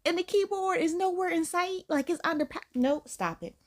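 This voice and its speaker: A woman with a Southern US accent hosting a casual reaction video, joking and talking animatedly with big jumps in pitch. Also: normal speed. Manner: animated, jokey, big pitch jumps, says "girl, bye". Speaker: reaction channel host.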